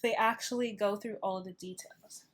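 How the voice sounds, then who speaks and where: A woman's voice: mid-range voice, steady tone, normal speed. A young woman giving a casual tarot reading, chatty and loose, with many fillers and asides, sounding tired. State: tired, yawning. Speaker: tarot reader.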